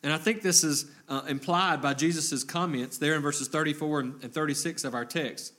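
A man preaching a sermon in an earnest, measured way, reading scripture aloud with some fillers. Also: fairly high pitch, steady tone, sharp tone.

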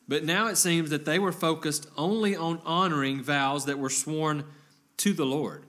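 A man preaching a sermon in an earnest, measured way, reading scripture aloud with some fillers. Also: fairly high pitch, steady tone, a bit bright.

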